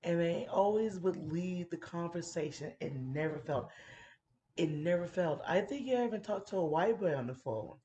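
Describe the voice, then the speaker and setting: A woman in her thirties, hosting a podcast, tells a frank, profane story on a casual chat show, laughing often and speaking playfully. Her fairly low voice is animated and dark-toned at a moderate pace. The audio is dull, with a little hiss or hum.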